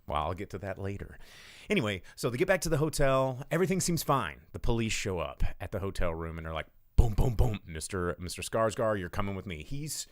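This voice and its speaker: Male host, low voice, dry close mic, casual irreverent movie-recap rambler. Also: dry recording. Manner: rambling, irreverent, swears freely. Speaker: podcast host. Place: home studio.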